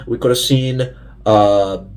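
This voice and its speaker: Young man, fan vlogger, low-pitched, rambling, lots of fillers, casual rant. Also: fairly even intonation, takes it slowly, darkish tone. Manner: rambling, many fillers and restarts.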